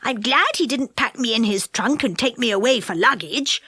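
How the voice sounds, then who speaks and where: A woman's voice: a little high, expressive, moderate pace, sharp tone, breathy edge, dry recording, clean studio sound, full character voice. A woman voicing an anxious, simple-minded fairy-tale man who frets and wails in a storybook reading. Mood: puzzled. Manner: fretful and wailing.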